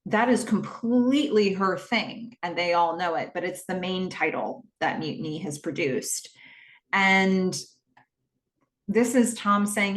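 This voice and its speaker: This podcast host speaks slowly in a fairly low, slightly bright voice, her words echoing around the room. She casually walks through a TV episode one scene at a time, quoting the characters along the way.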